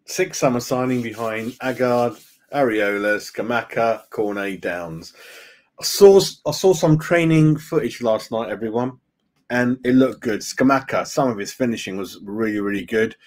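A man's voice: mid-range voice, normal speed. A man hosting a casual fan live stream, chatting loosely, greeting viewers by name and saying "mate" a lot. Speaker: fan channel host.

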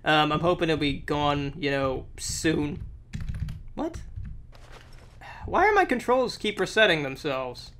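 A young man doing let's play commentary, excitable and exclamatory, a little sick with a sore throat. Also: a little high, takes it slowly, pauses often, slight background noise. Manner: excitable, exclamatory, talks to the game. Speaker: gameplay commentator.

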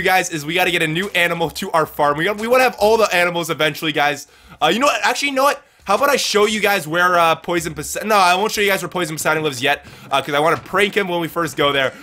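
A man's voice: high-pitched, pushed and bright. A man hosting a live game let's-play, talking energetically to chat, repeating his phrases and calling viewers dudes and guys. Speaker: gaming livestream host.

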